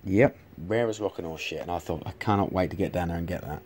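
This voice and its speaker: A man's voice: deep voice, fast, a little mellow. A man chatting casually to camera, rambling with many restarts and casual swearing. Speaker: vlogger showing arcade machines.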